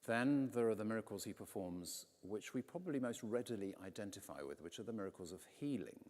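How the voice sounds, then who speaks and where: Deep-voiced vicar preaching in a reverberant church. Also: male voice, fast. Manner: conversational, animated storytelling with quoted voices. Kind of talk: sermon. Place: large stone church, in a pulpit.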